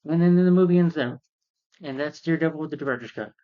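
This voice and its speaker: A man's voice: fairly high pitch, quick pace. A man giving a casual spoken film review, retelling the plot in a rambling, repetitive way. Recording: dull, muffled lo-fi sound.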